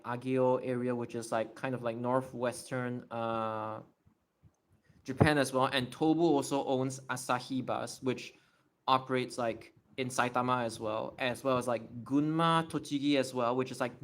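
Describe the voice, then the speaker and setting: A man's voice: mid-range voice, normal speed. A young man on a casual livestream, explaining step by step while he writes and thinks aloud.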